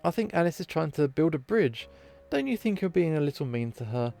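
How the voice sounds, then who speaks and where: A man doing a gentle, calm reindeer girl. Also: on the high side, a little fast, creaky, faint music behind. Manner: gentle and reasoning. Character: calm, kind female reindeer peacemaker.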